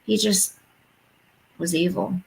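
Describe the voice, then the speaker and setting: A woman's voice: lowish voice, steady tone, slow pace, creaky, breathy edge, rough recording. A woman hosting a live stream, chatting casually with viewers and reading their comments aloud. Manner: reads viewer comments aloud and chats back.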